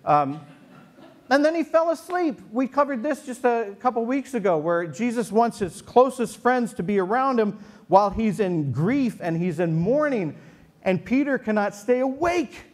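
A man's voice: very high voice, big pitch swings, normal speed. A male pastor preaching a sermon to a congregation in a church, joking and telling stories in a conversational way. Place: church sanctuary before a congregation.

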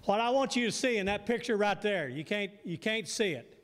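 A man's voice: high-pitched, lively intonation, a little fast, background noise. A man preaching a sermon to a congregation, often asking them questions and waiting for their answers. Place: church sanctuary. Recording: long reverb of a church hall.

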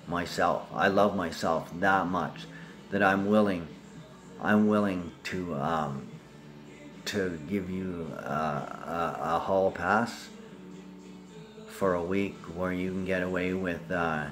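Aussie guy with a really low voice, just rambling on to his family, hopping topic to topic. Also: slow pace, music in the background. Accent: Australian. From Australia. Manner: rambling, jumps between topics, talks to family. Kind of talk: rambling casual monologue.

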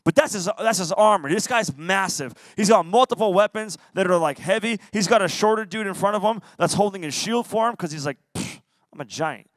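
A young man, a youth pastor, giving a lively sermon to teens and playfully acting out quotes. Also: sits high, fairly quick, few pauses, no echo. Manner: playful, acts out voices and quotes. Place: church youth service.

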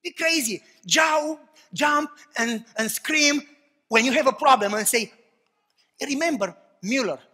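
A man preaching a passionate sermon, swinging between loud cries and hushed, low remarks. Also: unhurried, slightly rough, big-room sound. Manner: impassioned preaching, swings from shouts to hushed tones.

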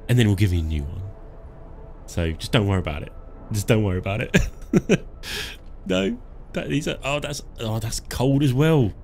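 A man's voice: lowish voice, a little mellow. A man giving casual live commentary while playing a game, joking and chuckling as he talks to himself and his chat. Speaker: live-stream gamer.

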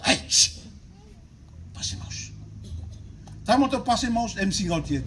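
A man with a Papua New Guinean accent delivers a sermon in a very high, piercing voice. He preaches with emphatic, animated force, rising to loud exhortations and dropping to low, quiet asides, while a faint hiss sits under the recording. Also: unhurried, pauses often, poor audio. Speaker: bishop preaching.

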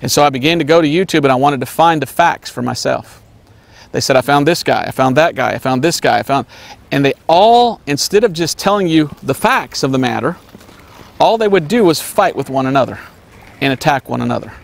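A man preaching an earnest sermon, repeating his points and sometimes mocking name-callers in a high voice. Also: lively intonation, a little fast, creaky. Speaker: evangelist preacher.

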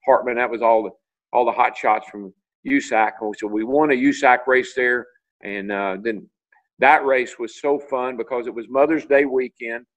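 A man's voice: mid-range voice, fairly even intonation, moderate pace, low-quality recording. An older man from Tennessee, telling long anecdotes as a guest on a video call interview, full of restarts and fillers. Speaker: interview guest, retired racing driver.

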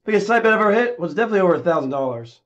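A man live-streaming his gambling, swinging between low muttered gloom and loud shouted hype, swearing constantly. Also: animated, rapid-fire, lo-fi sound.

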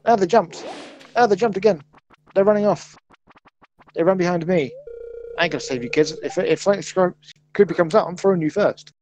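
A man's voice: sits high, fairly quick, pauses often, a little mellow, a little hiss or hum. A man hosting a casual co-op gaming session, chatty and jokey, narrating what he is doing. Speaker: let's play host. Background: game music.

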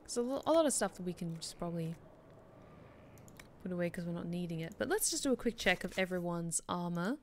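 A woman's voice: lowish voice, expressive, brisk, a little mellow, slight background noise. A woman streaming a game, chatting casually and reading in-game notes aloud. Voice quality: chatty, frequent fillers. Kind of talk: casual let's-play chat.

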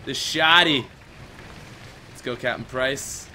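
A young man commentating his own gameplay, chatty and excitable, with outbursts and mock-British slang like mate. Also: mid-range voice. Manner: excitable, chatty, quick outbursts while playing. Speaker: gaming video host. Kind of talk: let's play commentary.

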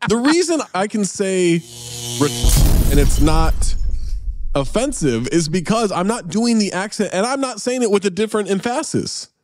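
A man's voice: high-pitched, big pitch swings, normal speed, over music. A man co-hosting a film podcast in casual chat, often giving short, dry replies. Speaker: podcast co-host.

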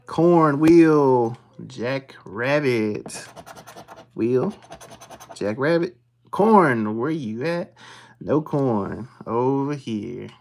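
A streamer, calling out scratch-off symbols one by one and muttering quietly while checking them. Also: medium pitch, drawn-out words, slight background noise. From Texas. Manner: reads symbols aloud in a steady list, dropping to hushed mutters when checking. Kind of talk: casual play-by-play of scratching tickets.

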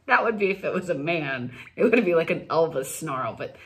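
A woman's voice: low-pitched, animated, moderate pace, hardly any pauses, fairly bright tone. A woman leading a laughter class, playful and laughing often between her phrases.

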